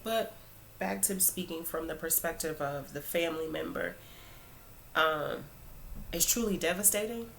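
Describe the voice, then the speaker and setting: A woman's voice: fairly low pitch, measured pace, creaky, long pauses, fairly bright tone, slight background noise. A woman talking earnestly and informally to camera in a casual faith talk, preaching a little as she goes. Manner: informal phrasing with many fillers. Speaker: Christian vlogger.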